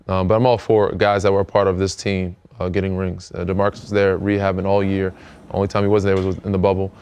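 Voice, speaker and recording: Low steady american guy, talks fast, laid back podcast chat with lots of ums. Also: smooth. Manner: relaxed, rambling, many fillers. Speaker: podcast host, pro basketball player. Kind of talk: casual chat.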